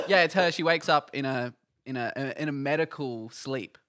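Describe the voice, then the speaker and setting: A man's voice: on the high side, sharp tone, dry recording, studio quality. A man co-hosting a casual chat about films, jokey and chatty. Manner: jokey, chatty, repeats words.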